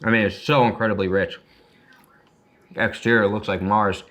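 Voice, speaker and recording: A man's voice: lowish voice, steady tone, moderate pace, low-quality recording. A chatty, jokey man hosting a casual cooking demonstration in a home kitchen. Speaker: chef host. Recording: loud sizzling pan behind voice. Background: frying and sizzling.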